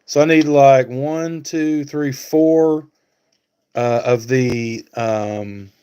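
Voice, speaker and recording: A man's voice: mid-range voice, very slow, mellow, clean tone. A man hosting a casual live stream, talking to viewers by name and thinking aloud with many fillers. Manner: talks back to chat viewers by name.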